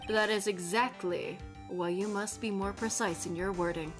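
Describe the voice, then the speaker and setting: A woman's voice: mid-range voice, steady tone, moderate pace, music in the background, close to an everyday voice. A woman reading as a fussy old courtroom judge. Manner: formal courtroom phrasing. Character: fussy, easily confused old male judge.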